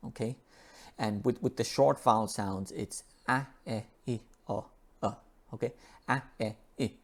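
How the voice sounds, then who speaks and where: A man teaching English pronunciation, reading an article aloud and slowly repeating the sounds in each word. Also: mid-range voice. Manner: slow and repetitive, drawing out and repeating sounds.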